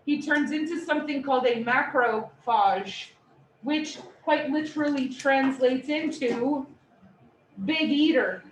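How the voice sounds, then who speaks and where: A woman instructor giving a lively, playful classroom lecture. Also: sits high, slow. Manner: animated, playful explanations. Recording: echoey room, distant mic, faint noise.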